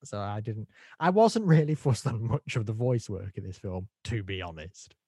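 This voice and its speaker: A man's voice: lowish voice, expressive, normal speed, mellow, husky, dry recording, studio quality. A man co-hosting a podcast, giving blunt, opinionated film takes in casual chat and mimicking voices when he quotes. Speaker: podcast co-host.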